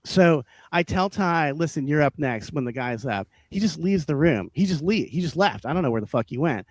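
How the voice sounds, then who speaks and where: A man telling rambling stand-up stories on a podcast, profane and animated, often laughing and acting out the people he quotes. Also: a little high, normal speed, breathy edge, no room sound. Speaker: podcast co-host, stand-up comic. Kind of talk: casual storytelling chat.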